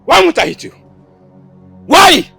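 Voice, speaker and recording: A man's voice: extremely high pitch, sing-song, unhurried, gravelly, heavily acted. An actor with a Nigerian English accent playing a furious young man who feels betrayed by his friend. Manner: angry, accusing, shouting. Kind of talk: Nollywood film acting. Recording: film audio with background music.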